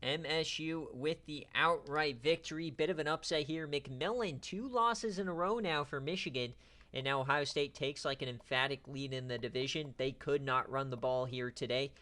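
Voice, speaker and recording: A man giving loose, excitable live-stream commentary on simulated football games, cheering, trash-talking and dropping casual slang. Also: fairly high pitch, moderate pace. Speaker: online dynasty league streamer.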